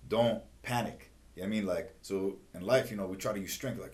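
Middle-aged male martial arts coach, low voice, animated storyteller, casual interview guest. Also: a little fast. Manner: animated storyteller, peppers talk with "you know what I mean". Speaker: jiu-jitsu instructor and gym owner.

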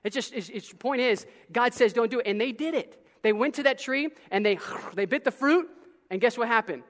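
Man, pastor, animated sermon, chatty asides, restarts mid-sentence, long hall reverb. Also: very high voice, a little fast. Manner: animated preaching with casual asides and self-restarts. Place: church sanctuary.

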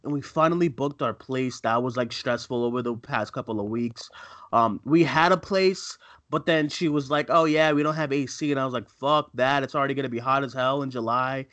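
A man's voice: medium pitch, brisk, a bit bright, no echo. A man co-hosting a live film podcast, chatting casually and rambling with many fillers and restarts. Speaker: podcast co-host. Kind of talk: casual live-show chat. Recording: dry, dull lo-fi sound.

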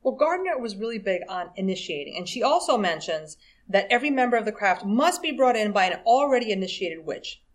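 A woman's voice: mid-range voice, sing-song, a little fast, few pauses. Thoughtful American woman podcast host. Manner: thoughtful, reads quotes aloud. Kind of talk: casual chat.

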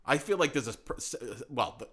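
Man co-host, mid-pitched, loose and jokey, quick to disbelief, rambles and restarts. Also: animated, fairly bright tone. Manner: incredulous, joking, rambling with restarts. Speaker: podcast co-host. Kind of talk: casual chat.

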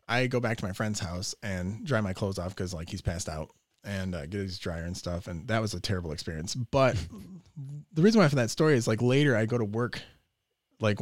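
A man's voice: fairly low pitch, no echo, clean studio sound. A man guesting on a podcast, telling wild stories with lots of swearing and laughter, acting out the lines of the people in them. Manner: profane, laughs often, acts out quotes. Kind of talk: animated storytelling.

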